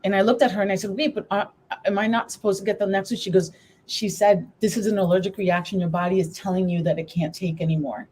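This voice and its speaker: A woman's voice: medium pitch, fairly even intonation, fast talker, darkish tone, husky. A middle-aged woman, a guest on a live talk show, telling her personal story while trying to hold back tears.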